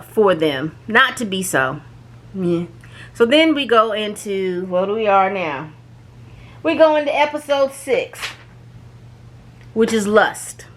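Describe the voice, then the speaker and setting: A woman recaps episodes in a loose, chatty way. She tells the story with plenty of animation, acting out the characters' lines as she goes. Her voice has a bright, forward tone. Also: mid-range voice. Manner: animated storytelling, acts out quoted lines, frequent restarts and fillers. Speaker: reviewer recapping a show. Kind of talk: casual spoken recap.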